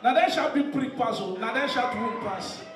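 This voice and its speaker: A man from Nigeria with a Nigerian Pidgin English accent, doing stand-up comedy, swinging from shouted punchlines to low asides. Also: animated, normal speed, distant mic, a crowd in the background, noisy background. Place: live comedy stage. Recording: echoey venue heard from off mic. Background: laughing audience.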